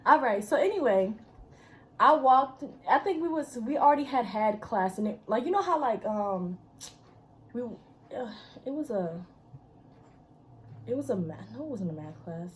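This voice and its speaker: A young woman with a high voice tells a school story in casual chat. She talks bluntly and swears freely, and she acts out the other people's lines as she goes. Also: a little slow, long pauses, a little hiss or hum. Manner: blunt, profane, animated storyteller.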